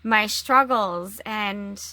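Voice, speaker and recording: Woman, casual vlog, unhurried, halting with restarts, dry close sound. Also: medium pitch, sharp tone, dry recording. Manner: halting, with long pauses and restarts. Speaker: vlogger.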